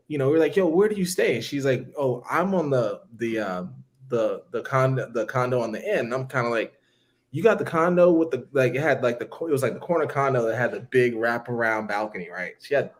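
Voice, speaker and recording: Animated man telling a story. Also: brisk. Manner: animated, acts out quotes with big pitch jumps. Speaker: podcast co-host telling a story. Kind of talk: casual storytelling chat.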